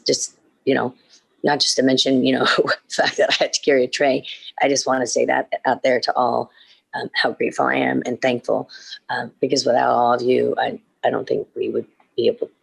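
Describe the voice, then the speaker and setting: A woman, an actress guest on a video-call panel, telling an animated story and acting out the dialogue with big jumps in pitch and many restarts. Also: vocal fry, slightly rough.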